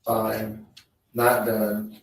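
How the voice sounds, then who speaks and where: A man on the witness stand reading text messages aloud in a slow, measured way. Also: lowish voice, monotone, gravelly, slight background noise. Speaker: trial witness. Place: courtroom. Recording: echoey courtroom feed, distant mic.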